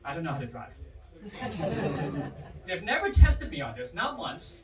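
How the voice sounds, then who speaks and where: A man performs a stand-up set at a bar comedy night, his fairly high voice jumping around animatedly for punchlines. The recording picks him up from some distance in a roomy space, and a loud crowd laughs in the background. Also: measured pace, heavy background noise. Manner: animated, swings his pitch wildly for punchlines.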